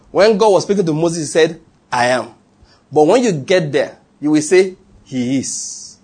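Nigerian male preacher, husky tone, pitched a little high, storytelling sermon with laughter. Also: a little slow. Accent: Nigerian English. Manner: animated, laughs often, asks the audience questions. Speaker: pastor.

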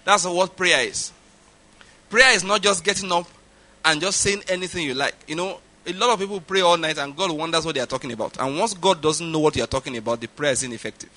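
Emphatic Nigerian pastor with a high bright voice. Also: male voice, fast. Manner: emphatic, repeats points for stress. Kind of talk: sermon.

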